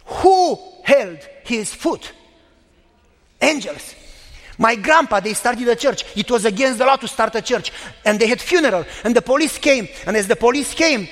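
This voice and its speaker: A middle-aged man preaching a sermon, telling stories emphatically with dramatic pauses and repetition. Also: very high-pitched. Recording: long reverb of a large hall.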